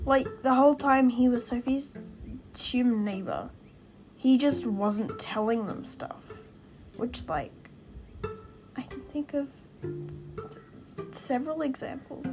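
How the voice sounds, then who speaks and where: A young woman hosting a fan-theory podcast speaks slowly in a high, slightly mellow voice, leaving long pauses. Recorded roughly at home by a window with faint music behind, she rambles, giggles and corrects herself.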